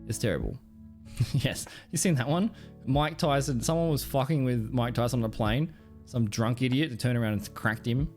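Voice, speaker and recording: A man's voice: medium pitch, normal speed, darkish tone, faint music behind. A man streaming live, chatting casually and reacting to clips, rambling, swearing and laughing often.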